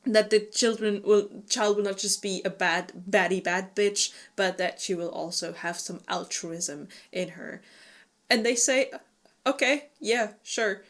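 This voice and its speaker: A woman co-hosting a casual book discussion podcast, animated and swearing freely. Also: mid-range voice. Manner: animated, swearing, quick to laugh. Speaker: book club podcast co-host.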